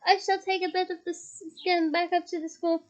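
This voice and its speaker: A woman's voice: very high voice, level tone, brisk. A woman voicing a smug, treacherous male wizard with a gloating, theatrical manner.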